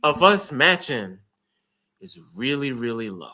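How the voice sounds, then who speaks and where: An American man co-hosting a casual wrestling podcast, teasing and doubtful, jumping up in pitch when he jokes. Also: sing-song, measured pace, bright, forceful tone, faint music behind. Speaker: podcast co-host. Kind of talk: casual chat.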